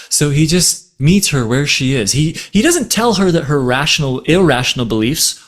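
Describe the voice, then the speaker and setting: A man giving a relationship talk, explaining gently through a story and acting out the quoted voices. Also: fairly high pitch, very animated, moderate pace, hardly any pauses. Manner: acts out quoted voices in stories. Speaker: relationship speaker.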